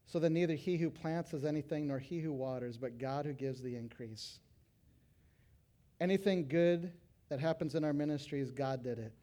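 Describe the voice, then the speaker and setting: A middle-aged male pastor preaching to fellow pastors, animated, breaking into loud acted quotes. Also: on the high side. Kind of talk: sermon to pastors.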